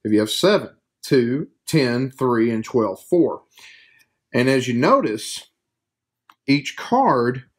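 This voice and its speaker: A man hosting a casual board game review, joking around while he explains the rules step by step. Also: medium pitch.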